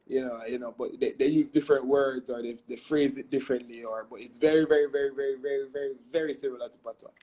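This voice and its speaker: Casting note: young Jamaican man, husky tone, animated storytelling guest, peppers talk with tag questions. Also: medium pitch, quick pace, few pauses. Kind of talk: casual interview chat.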